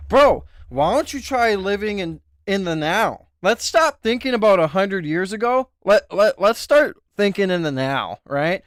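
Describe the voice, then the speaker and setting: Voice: medium pitch, lively intonation, normal speed, few pauses, no room sound, clean studio sound. An adult livestreamer and self-described comedian, answering chat in a casual, rambling rant full of swearing and restarts. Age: adult with children. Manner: rambling and profane, with frequent restarts; jokey, claims to be a comedian. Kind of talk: casual live stream rant.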